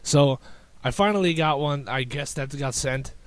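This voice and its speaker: A young man hosting a casual solo podcast, rambling and sarcastic with many halting restarts. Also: a little high. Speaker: podcast host.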